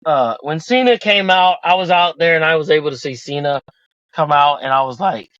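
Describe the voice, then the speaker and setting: Excitable, foul-mouthed male podcast host. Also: on the high side, brisk, dry recording. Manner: excitable, profane storytelling. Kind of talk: casual chat. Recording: dull lo-fi dry sound.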